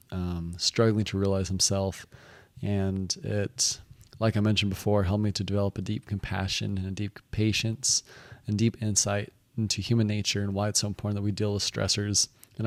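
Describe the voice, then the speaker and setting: A man's voice: fairly low pitch, no echo. A young man casually telling stories about his work, rambling and restarting, with many "he's like" asides. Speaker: vlogger recounting work experiences. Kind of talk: casual storytelling monologue.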